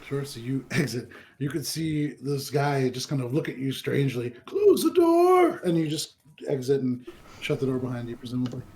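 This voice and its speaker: A man's voice: mid-range voice, a little fast. Casual male game master narrating. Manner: relaxed storyteller, frequent ums and kind ofs. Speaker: dungeon master.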